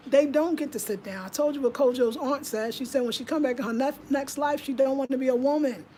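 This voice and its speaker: Chatting into the camera at home, a middle-aged American vlogger delivers a casual, emphatic monologue and slips into voices whenever she quotes people. Her voice is high with a darkish tone, and there's slight background noise.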